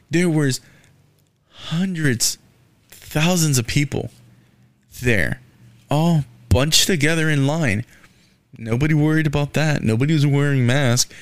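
Ranting on his casual one-man podcast, a young Houston host swears freely and keeps saying "man" and "um." The mid-range voice comes through on a dry recording.

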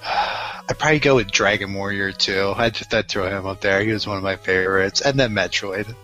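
A man's voice: on the low side, moderate pace, pushed and bright, soft background music, poor audio. A man co-hosting a podcast, musing thoughtfully in a casual chat. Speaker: podcast co-host.

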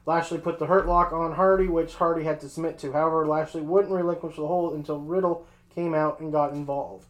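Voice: mid-range voice, steady tone, a little fast, roomy sound, low-quality recording. A podcast host reading match recaps from a script and then asking a co-host for his thoughts.

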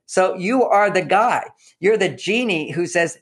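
A man, a relationship author, giving animated advice in an interview, repeating words and acting out what people say. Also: high-pitched, unhurried, breathy edge. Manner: repeats words, acts out quoted lines.

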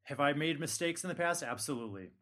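A man's voice: a little high, expressive, fast talker, a bit bright. A man hosting a casual podcast chat, joking with co-hosts and giving frank, tough-love advice. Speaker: podcast host.

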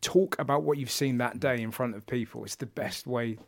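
Comedian guy chatting, laughs a lot, keeps restarting sentences, normal middle pitch. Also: brisk, vocal fry. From England. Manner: animated storytelling, laughs often, many restarts. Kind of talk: casual chat.

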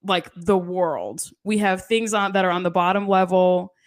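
A woman's voice: on the low side, normal speed. A woman hosting a podcast in casual chat, chatty and giggly with lots of filler words. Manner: chatty, giggly, lots of likes and you-knows. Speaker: podcast host.

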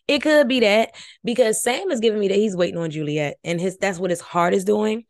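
A woman's voice: medium pitch, animated, moderate pace. A woman hosting a podcast, giving casual, brash and profane commentary on a reality show, sleepy late at night.

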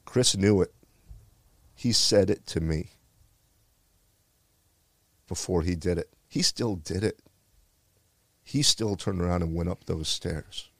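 A man's voice: low-pitched, slow, creaky, pauses often, dry recording. A man from the Bronx, a retired firefighter earnestly telling a heartfelt personal story. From the Bronx, New York. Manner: earnest and heartfelt, with repeated phrases.

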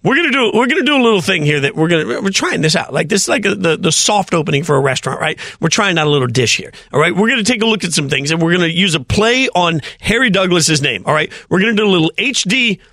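Fast, bright-voiced sports radio host. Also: male voice, high-pitched, dry recording, clean studio sound. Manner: animated, teasing, riffs and mock rants. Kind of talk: sports talk show banter.

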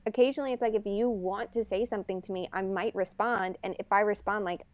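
A woman's voice: medium pitch, steady tone, fast talker, hardly any pauses, darkish tone, no room sound. A woman sports journalist in casual panel chat, blunt and candid, full of fillers.

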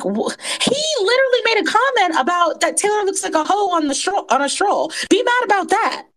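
A woman chatting casually in an audio room, animated and indignant, quick to laugh. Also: extremely high pitch. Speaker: guest speaker in audio room. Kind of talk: casual chat.

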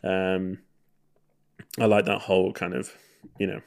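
A man's voice: low-pitched, completely flat delivery, a little slow, creaky. A man co-hosting a podcast, talking in a chatty, rambling way with many ums. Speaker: podcast co-host. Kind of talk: casual podcast chat.

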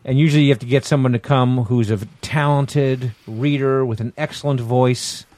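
A man's voice: medium pitch, fairly even intonation, moderate pace, darkish tone. A man co-hosting a comedy podcast in casual chat, joking with his guests and echoing their lines back. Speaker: podcast co-host.

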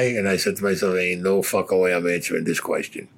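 This interviewee, an older man from Brooklyn, New York, talks fast in a low, steady voice with a slightly bright edge. He swears nonstop while bluntly recounting his past, voicing the dialogue himself in profane personal stories.

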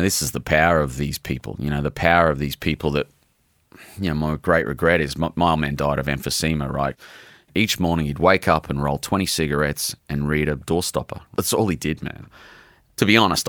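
A man's voice: very deep voice, a bit bright, dry recording, clean studio sound. A man, middle-aged, an author talking in an interview, earnest and heartfelt, swearing casually. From Australia. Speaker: author guest. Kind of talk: emotional interview talk.

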